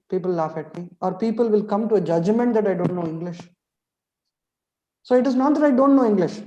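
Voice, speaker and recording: Mellow-voiced trainer in an echoey room. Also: male voice, sits high. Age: middle-aged. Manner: rhetorical questions, frequent "right?" check-ins. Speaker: motivational trainer. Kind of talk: webinar lecture.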